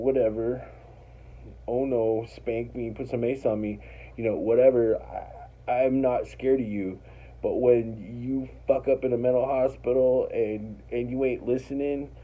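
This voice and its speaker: A man's voice: medium pitch, slightly rough, narrow, tinny audio. A man casually telling a personal story, rambling and profane, acting out what others said. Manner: rambling, profane, animated retelling with quoted voices.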